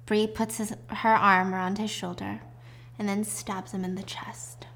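A woman casually recapping a drama plot in a chatty, animated way with side remarks. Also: medium pitch, unhurried. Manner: chatty, animated retelling with asides.

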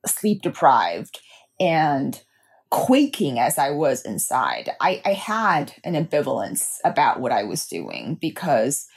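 A woman's voice: sits low, breathy edge. A woman guest in an interview, speaking in an earnest, reflective way. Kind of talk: personal account in an interview.

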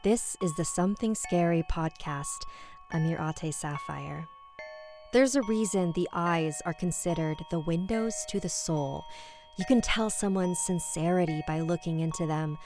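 Hushed woman narrating horror. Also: on the low side, a little slow. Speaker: podcast host and narrator. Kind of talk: scripted horror story narration. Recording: music underneath.

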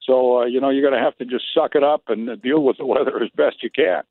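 A man giving a chatty, brisk sports report down the line to the radio hosts. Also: medium pitch, no room sound. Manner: brisk, chatty, with lively rises. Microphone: phone. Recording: tinny phone line, dry.

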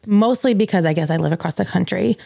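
A woman's voice: on the low side, fast talker, vocal fry, warm tone, husky, dry recording, studio quality. A woman in her thirties co-hosting a podcast, talking candidly and rambling with lots of fillers, tearful at times. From US East Coast. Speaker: podcast co-host. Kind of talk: casual chat.

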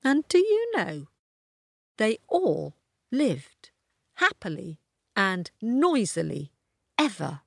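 Expressive woman storyteller for children, lively pitch, dry close sound. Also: takes it slowly, creaky, pauses often, breathy edge, no room sound. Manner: expressive, sing-song. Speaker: storyteller host.

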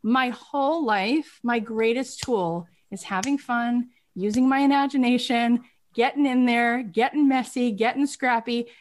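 A middle-aged woman business coach telling her students emphatic, animated stories. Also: on the high side, a little slow. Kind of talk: coaching talk.

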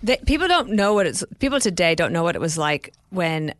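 This podcast host is a woman from a rural area whose voice sits on the low side. She's very animated and brisk, chatting in a friendly way during a casual interview, telling stories and cracking jokes. There's no echo on the recording.

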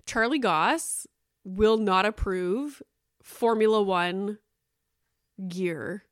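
A woman in her thirties hosts her own podcast, chatting solo and rambling with plenty of fillers and the odd swear word. Her medium-pitched voice draws out words, recorded in studio quality with no room sound.

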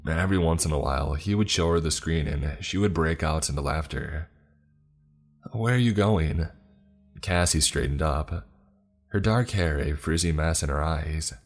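A man narrating a scripted first-person story in a steady, even way. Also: rumbling low, normal speed, soft background music.

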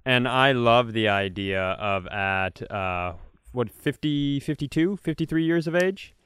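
Male co-host, mid pitch, smooth, resonant voice with a dry close sound; teasing and meandering. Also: expressive, unhurried, a bit bright, dry recording. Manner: rambling, teasing, musing tangents. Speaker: podcast co-host. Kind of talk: casual comedic chat.

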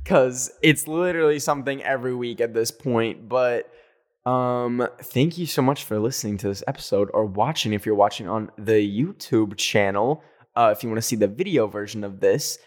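A young man hosting a podcast, telling personal stories in a chatty, animated way, with lots of "like" and frequent laughs. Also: mid-range voice, moderate pace. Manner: animated, heavy use of "like", laughs often. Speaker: podcast host. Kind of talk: casual storytelling monologue.

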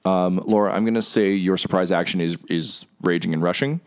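Game master, male, very low voice, descriptive narration with fillers. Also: steady tone, a little fast, smooth. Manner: descriptive, lots of ums.

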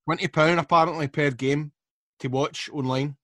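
A man's voice: on the high side, fairly even intonation, moderate pace, pushed and bright, dry recording. Laid-back Scottish man, dry close sound. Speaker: podcast co-host. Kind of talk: casual football chat.

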